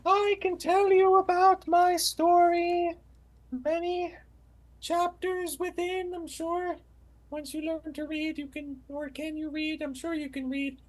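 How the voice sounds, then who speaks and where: Very high-voiced woman telling a goofy story. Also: level tone, slow, a little mellow, poor audio. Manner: rambling, goofy comedic delivery. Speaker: player. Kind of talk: in-character tabletop storytelling.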